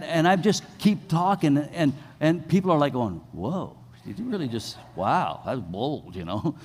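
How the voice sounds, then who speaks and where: A man's voice: a little high, a little mellow. A middle-aged male pastor giving a sermon, telling stories about himself in a conversational way full of restarts. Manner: storytelling, self-deprecating and conversational with many restarts. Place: church sanctuary. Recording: long reverb of a church hall.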